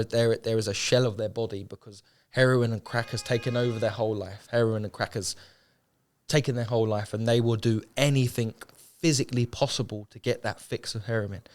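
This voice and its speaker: A man's voice: mid-range voice, fairly even intonation, moderate pace, a little mellow. A young man, telling his story in an interview in an earnest, heartfelt, colloquial way, often repeating phrases for emphasis. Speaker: homeless charity founder. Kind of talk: emotional podcast interview.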